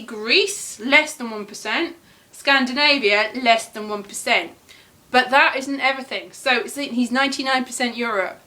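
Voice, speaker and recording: British woman vlogging, rambly and chatty, bright highish voice. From Britain. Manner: chatty, rambling, playful sing-song teasing. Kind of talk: casual chat to camera.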